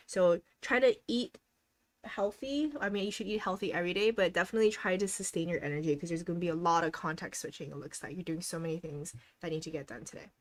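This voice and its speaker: A young woman hosting a casual live stream, cheerfully encouraging viewers and reading out their goals with frequent giggles. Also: on the low side. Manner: giggles often between remarks. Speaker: livestream host.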